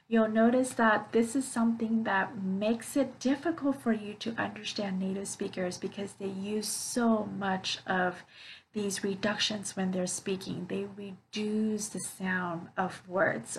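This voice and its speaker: A woman's voice: mid-range voice, a little hiss or hum, low-quality recording. Encouraging woman English teacher. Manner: clear, encouraging, explaining with examples; frequent "okay, so" and "um" fillers. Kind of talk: online video lesson.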